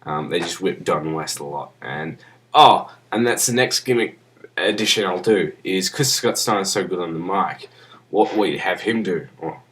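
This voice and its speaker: Young man, very low voice, drunk, rambling, crude and profane, webcam vlog. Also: normal speed, fairly bright tone. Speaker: vlogger. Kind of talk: rambling casual monologue.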